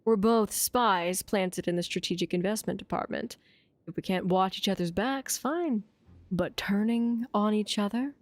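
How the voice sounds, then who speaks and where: A woman's voice: mid-range voice, unhurried, no room sound, lightly acted. A woman doing a cool mocking spy.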